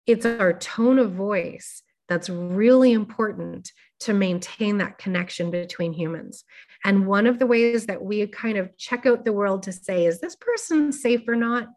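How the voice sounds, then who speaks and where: Woman, workshop presenter, casual explanatory talk, careful gentle delivery, middle-pitched voice. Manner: careful, gently paced explaining with frequent fillers.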